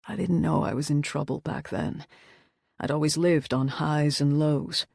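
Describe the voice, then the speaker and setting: A woman voicing a troubled male rockstar who speaks softly in a subdued, confessional tone, in an audiobook. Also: fairly even intonation, a little slow, vocal fry, no echo, clean studio sound, full character voice. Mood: reflective. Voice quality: soft, low and subdued. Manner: quiet, confessional. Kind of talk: audiobook character voice.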